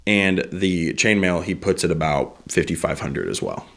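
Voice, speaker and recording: A man acting as game master, narrating a tabletop game in a relaxed, matter-of-fact way. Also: low-pitched, moderate pace, creaky.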